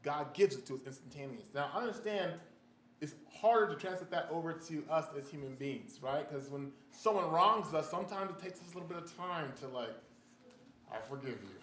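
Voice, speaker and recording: A man delivers a sermon in a quick, conversational rush, his voice sitting a little high. He keeps checking in with the congregation and explains ideas with everyday examples. The church room echoes around him, with a faint hum of ambience. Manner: conversational, animated, frequent "right?" asides. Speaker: pastor.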